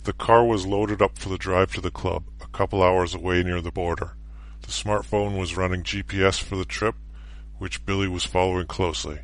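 Deep-voiced man narrating a story. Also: flat delivery, moderate pace. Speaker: story contributor. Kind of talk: read-aloud story narration.

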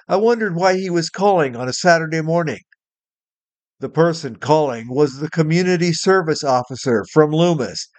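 A man's voice: a little high, dry recording. A man reading his short story aloud in a plain, matter-of-fact way for a weekly flash fiction podcast.

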